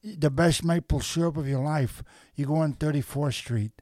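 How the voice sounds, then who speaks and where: A man's voice: on the high side, moderate pace, warm tone, dry recording, studio quality, natural voice. A man putting on the voice of a tough male Canadian mobster from Toronto as a joke. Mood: mock-tough. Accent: Canadian mobster put-on. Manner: joking impression.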